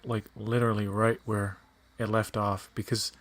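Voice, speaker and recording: A man's voice: on the low side, level tone, moderate pace, dry recording. A man with a New Zealand accent co-hosting a podcast, chatting casually with crude jokes. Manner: casual, profane, joking. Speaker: podcast co-host. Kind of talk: casual chat.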